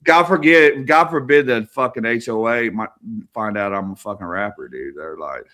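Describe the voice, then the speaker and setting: A man tells stories on a casual podcast with a bright, forceful edge to his voice. He swears nearly every sentence, rambles from one tangent to the next and laughs as he goes. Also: medium pitch, normal speed. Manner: profane, rambling, laughs often. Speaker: podcast guest. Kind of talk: casual storytelling.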